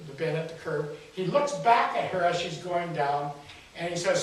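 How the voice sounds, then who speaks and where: A man's voice: high voice, moderate pace, bright, forceful tone. A man giving a folksy inspirational talk at a spiritual center, telling a story and asking the audience questions. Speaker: spiritual speaker. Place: large hall at a spiritual center. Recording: echoey hall, distant mic, faint hiss.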